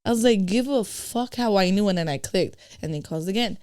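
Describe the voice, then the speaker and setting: A woman's voice: medium pitch, a little fast, clear, resonant tone. A woman guest on a podcast, telling a blunt, profane story in casual chat and acting out who said what. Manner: blunt, profane, animated retelling of conversations.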